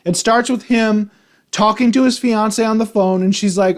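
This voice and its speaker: A man's voice: high-pitched, steady tone, normal speed. A man giving a casual, rambling film review, exasperated and full of restarts. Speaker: movie reviewer.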